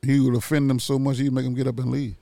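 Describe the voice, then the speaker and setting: Brief: gravelly mid-pitched man, laid-back co-host. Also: level tone, fast, warm tone, dry recording. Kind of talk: casual chat.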